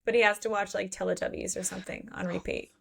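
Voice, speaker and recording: Gravelly-voiced woman, blunt and joking. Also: medium pitch, level tone, fast. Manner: blunt, joking, playfully crude. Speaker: podcast co-host. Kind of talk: casual book discussion.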